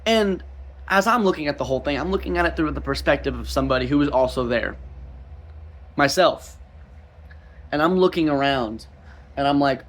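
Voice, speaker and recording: A young man with a slightly high voice, giving a rambling personal testimony as a street minister, with many restarts. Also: expressive, moderate pace, long pauses.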